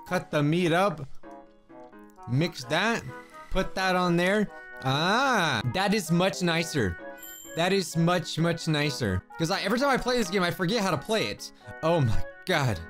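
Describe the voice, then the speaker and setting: A high-pitched man voicing his let's play commentary in a lively, swooping voice. He is excitable and jokey, throwing in exclamations as he plays. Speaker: gaming video creator.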